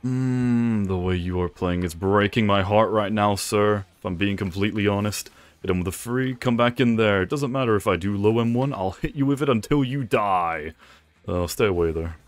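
A man's voice: on the low side, moderate pace, dry recording. A young man giving live commentary over his own gameplay, playfully teasing his opponent with mock complaints. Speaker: gaming video creator.

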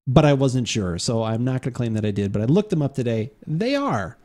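A man's voice: mid-range voice, quick pace, warm tone. A man hosting a live beverage podcast stream, chatting casually, rambling and interrupting himself, often laughing. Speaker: podcast host. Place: home studio during a live stream.

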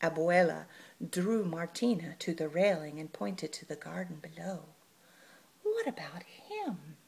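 A woman reading a children's story aloud, expressive and playful. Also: sits low, normal speed, creaky, husky.

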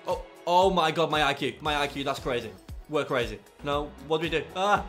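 A young man commentating his own football video game, muttering through play and erupting into shouts at goals. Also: a little high, moderate pace, soft background music. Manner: excitable, bursts into shouts after goals. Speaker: gaming YouTuber.

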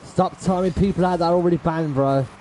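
A man's voice: a little high, fairly even intonation, fast, darkish tone, low-quality recording. A man live-streaming a game, chatting with viewers in slangy talk, swearing and raging at plays, then apologizing. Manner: talks straight to chat viewers, slangy with lots of bro. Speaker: gaming livestreamer. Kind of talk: casual live commentary to chat while playing.

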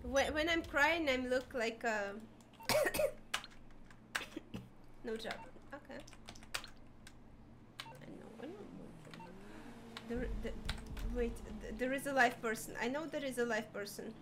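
A woman's voice: sits high, slow pace, pauses often, noisy background. A woman streamer chatting live with her viewers, stammering and giggling through overwhelmed thanks. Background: music.

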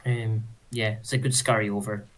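A man's voice: lowish voice, little pitch movement, normal speed. A man playing a tabletop game, thinking aloud hesitantly with many fillers. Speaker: player.

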